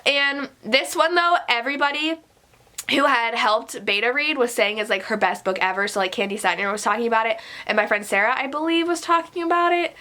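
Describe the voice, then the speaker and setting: Young woman, stuffy nose, casual vlog chat, rambling, bright and slightly high voice. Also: brisk. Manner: chatty, rambling, peppered with "like". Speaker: book vlogger.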